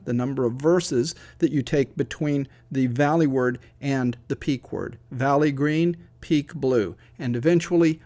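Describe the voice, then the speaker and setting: Guy walking through a lesson, gravelly voice, calm and explanatory, lots of uhs. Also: medium pitch. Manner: measured, explanatory, with frequent ums and uhs. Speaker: instructor. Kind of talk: screen-recorded lecture.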